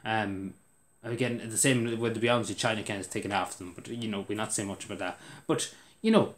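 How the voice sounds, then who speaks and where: A man's voice: on the low side, a little fast. An Irish man delivering an indignant political rant to camera, repeating himself for emphasis. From Ireland.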